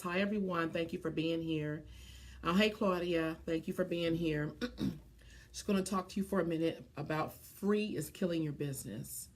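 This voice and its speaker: A woman business coach speaks earnestly from the heart to viewers on a live stream, often pausing to greet them by name, with many ums and restarts. Her voice is low and her pace moderate.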